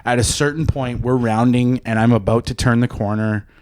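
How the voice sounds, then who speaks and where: A man's voice: medium pitch, normal speed. Man telling a profane story. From Canada. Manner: profane, animated storyteller, acts out quotes. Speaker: podcast host. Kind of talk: casual storytelling chat.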